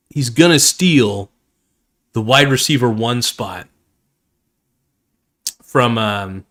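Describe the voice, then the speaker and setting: A man's voice: medium pitch, expressive, slow pace, long pauses, fairly bright tone. A man hosting a casual fantasy football stream, rambling with many fillers and calling viewers "man," his voice slightly worn. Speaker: fantasy football video host. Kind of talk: casual live-stream chat.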